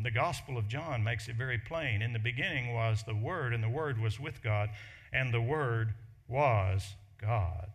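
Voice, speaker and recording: A man preaching a sermon, with emphatic delivery that slows and lifts on key phrases. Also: mid-range voice. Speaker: pastor.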